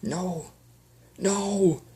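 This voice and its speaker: Man playing a desperate male chaos spirit, raised pitch, pleading, strained whispers, fan audiobook. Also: lively intonation, measured pace, low-quality recording. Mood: furious.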